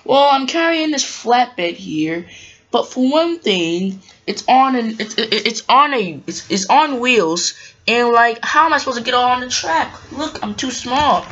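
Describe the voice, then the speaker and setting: A woman's voice: on the high side, expressive, a little slow, fairly bright tone, voice pushed up. Woman doing a stammering little engine. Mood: fretful. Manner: stammering, hesitant pleading. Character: small anxious male work engine. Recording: dull lo-fi with faint hiss.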